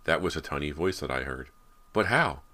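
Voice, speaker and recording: A frightened teenage boy, as a male narrator reads him, speaks in an urgent, worried tone. The voice sits slightly higher than the deep narration around it, in a storybook horror reading. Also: fast, a bit bright.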